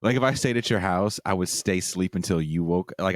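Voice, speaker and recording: A man hosting a podcast, telling a story in casual chat, animated and swearing freely with self-mocking humor. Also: deep voice, quick pace, no echo, clean studio sound. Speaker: podcast host.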